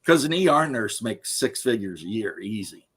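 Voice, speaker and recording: A man's voice: on the low side, very animated, moderate pace, fairly bright tone, slightly rough. A middle-aged man, a podcast host, giving his opinions in a blunt, crude, casual chat and laughing at his own stories.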